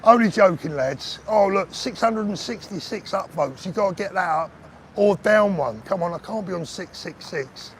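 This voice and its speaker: A man's voice: high-pitched, lively intonation, moderate pace, a little hiss or hum. A middle-aged man hosting a casual live stream while walking outdoors, chatting, joking and reading out viewer comments. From Britain. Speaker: livestream host. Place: outdoors on resort streets, walking. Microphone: phone on a selfie pole.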